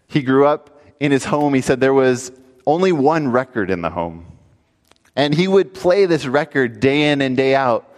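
A pastor giving a sermon, telling a story with animation and rising into emphatic calls to the congregation. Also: male voice, mid-range voice, lively intonation, normal speed, big-room sound.

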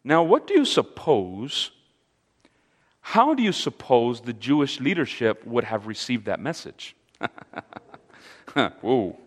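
A man leading an interactive Bible study, speaking haltingly with fillers and repeated words and putting questions to his audience. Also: medium pitch, sing-song. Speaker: Bible teacher. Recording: long reverb of a large hall.

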